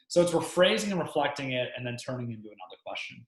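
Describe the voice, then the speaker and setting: A man co-hosting a real estate coaching webinar in casual chat, relaxed, with plenty of fillers and easy laughs. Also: medium pitch, fast. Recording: echoey room.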